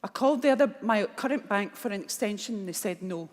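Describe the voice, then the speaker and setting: A woman's voice: mid-range voice, lively intonation, fast. A woman with a Glaswegian accent giving a motivational speech, telling a personal story candidly and with emotion. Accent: Scottish, Glaswegian. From Scotland. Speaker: keynote speaker. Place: large conference hall. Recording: long reverb of a large hall.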